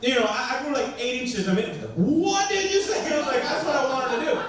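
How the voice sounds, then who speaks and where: A man with a strikingly high voice tells a sermon story in a loose, lively way, often breaking into laughter. He sounds distant from the mic. His voice rings around a very echoey hall. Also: racing, over a noisy crowd. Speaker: pastor. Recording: very echoey church hall from far off.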